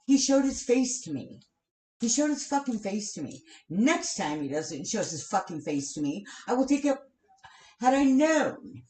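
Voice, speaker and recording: A woman's voice: mid-range voice, darkish tone. A fuming woman rants into her camera, cursing freely and sighing between outbursts. Her voice sits in a middle register and bounces around a roomy, echoing space. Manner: profane, heated and venting, with sighs. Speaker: vlogger. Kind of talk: angry live-stream rant. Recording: roomy echo.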